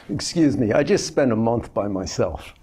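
A man in his seventies, a Zen master giving an informal, gently humorous dharma talk in a conversational storytelling manner. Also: fairly high pitch, a little hiss or hum. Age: 70s.

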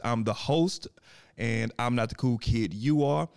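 A man hosting a casual podcast, animated and rambling, laughing as he talks. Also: lowish voice, moderate pace, clean tone, soft background music. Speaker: podcast host.

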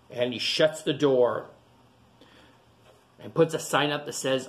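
A man reading a picture book aloud to children in an animated way, breaking into funny animal voices. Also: a little high, moderate pace. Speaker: children's storytime reader.

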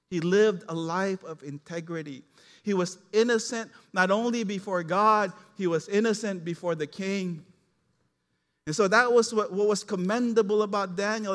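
High-voiced pastor in a reverberant hall. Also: male voice. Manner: animated storytelling, acts out characters. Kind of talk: sermon.

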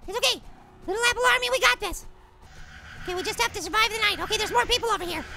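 Little Apple, a squeaky cartoon fruit. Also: rapid-fire, creaky. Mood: cheery. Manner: excitable, loud panicked shrieks and repeated words. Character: tiny male apple, cheerful and jumpy. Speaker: gameplay commentator. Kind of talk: horror game let's play commentary. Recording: game music under the voice.

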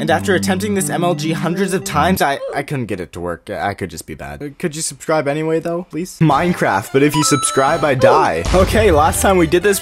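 A man giving jokey, excitable commentary on a video game as a YouTuber. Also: a little high. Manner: jokey, fast-switching, excitable. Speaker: gaming YouTuber. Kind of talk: comedic gaming commentary. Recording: background music.

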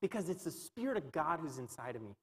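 A man delivering an earnest church sermon in a slightly higher-than-usual voice, circling back over his points and sprinkling in "you know". The sound carries a long reverb tail from a large hall. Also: sing-song, quick pace. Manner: earnest, repeats phrases, many "you know" fillers. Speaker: pastor.

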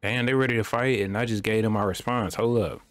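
A man's voice: on the low side, fairly even intonation, fast, no room sound. A young man giving loose, slangy running commentary while playing a video game. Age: young adult. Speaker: gaming streamer. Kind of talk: casual gameplay commentary.

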